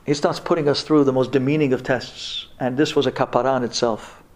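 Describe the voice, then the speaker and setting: Before a live audience, a man tells an emotional personal story, impassioned, stammering through restarts and using religious Hebrew and Yiddish terms. His mid-range voice is steady and darkish in tone, moving a little fast.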